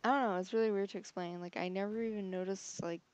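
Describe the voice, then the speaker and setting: A woman's voice: medium pitch, fairly even intonation, a little mellow. A young woman from Michigan with a Michigan accent, talking casually to camera in a vlog, nasal on her short O sounds, running her words together with lots of "like". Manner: fast, run-together speech with many "like" fillers. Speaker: vlogger.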